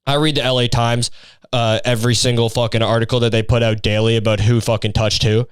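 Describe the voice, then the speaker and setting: A young man hosts a comedic podcast, ranting in a rambling, profane and sarcastic way. His voice is smooth and clear. It is recorded dry, with no room sound. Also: medium pitch, level tone, brisk, no echo. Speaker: podcast host.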